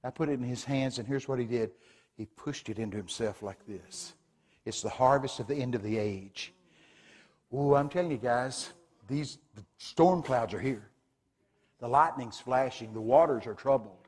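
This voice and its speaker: A man preaching a sermon, retelling a vision in a dramatic, animated way with sudden loud exclamations. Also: mid-range voice, moderate pace. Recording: long hall reverb.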